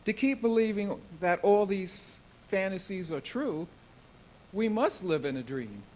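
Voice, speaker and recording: A man reading a book excerpt aloud at a spiritual service in an earnest, deliberate way. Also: sits high, animated, a little mellow, low-quality recording. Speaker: guest reader at a spiritual service.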